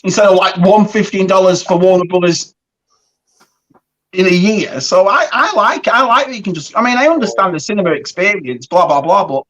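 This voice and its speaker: A man's voice: high-pitched, fairly quick, a bit bright, lo-fi sound. A man chatting bluntly and with strong opinions as co-host of a toy collectors' live stream. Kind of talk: casual chat.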